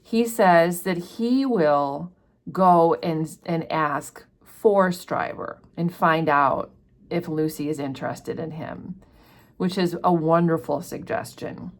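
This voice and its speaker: A woman's voice: deep voice, takes it slowly. A woman hosting a casual book discussion, chatting her way through a chapter and paraphrasing it with plenty of fillers.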